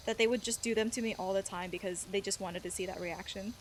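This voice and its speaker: A woman plays a cleaning game on a live stream, rambling casually to her chat, giggling often and filling her talk with "like" and "you know." Her medium-pitched voice is fairly even and quick-paced. She's on a desk microphone at home, and there's a little hiss or hum.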